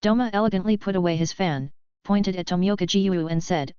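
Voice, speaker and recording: A woman narrates a web-novel audiobook in a steady, even reading. Her voice is low and very smooth, close and dry, on a slightly dull, lo-fi recording. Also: a little fast, no echo.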